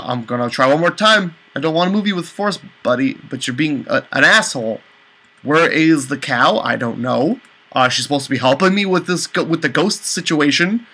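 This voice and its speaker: A man commentating a let's play, exasperated, with high panicked outbursts and swearing. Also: bright, forceful tone, rough recording. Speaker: gaming channel host.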